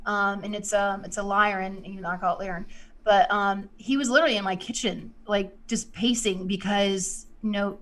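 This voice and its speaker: A woman's voice: medium pitch, fairly even intonation, moderate pace, fairly bright tone. Rambling woman medium in casual talk. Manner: rambling, heavy use of "you know". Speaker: guest psychic medium.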